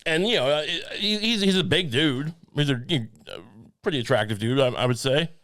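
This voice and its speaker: A man's voice: fairly high pitch, animated, a little fast, a bit bright, no room sound, studio quality. A man co-hosting a podcast, rambling and joking, often laughing through his lines. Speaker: podcast co-host. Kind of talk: casual chat.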